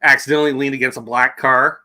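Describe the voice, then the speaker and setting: A man's voice: mid-range voice, flat delivery, fast talker, bright, forceful tone. A Canadian man co-hosting a casual livestream chat, joking and bantering with some swearing. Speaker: co-host.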